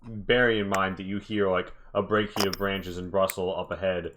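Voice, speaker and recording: A man with a fairly low voice narrates a tabletop game as game master, wandering through his descriptions with plenty of ums and asides. A faint hiss of noise sits under the recording. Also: little pitch movement, normal speed. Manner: rambling, joking, many fillers.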